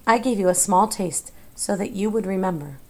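A woman voicing a gentle, coaxing queen mother. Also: medium pitch, animated, normal speed, close to an everyday voice. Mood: tender. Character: tender dream queen mother. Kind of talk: audiobook character voice.

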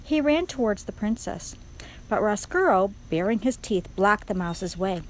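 A woman's voice: mid-range voice, moderate pace, slight background noise, low-quality recording. A woman reading a children's storybook aloud expressively, speaking straight to the reader. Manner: expressive, addresses the reader directly.

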